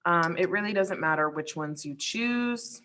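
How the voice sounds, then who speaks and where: A woman teacher with a somewhat low voice talks students through an assignment over a screen share. She explains in a friendly, casual way, with plenty of ums and likes along the way. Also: lively intonation, unhurried, a bit bright, a little hiss or hum. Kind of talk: recorded online lesson walkthrough.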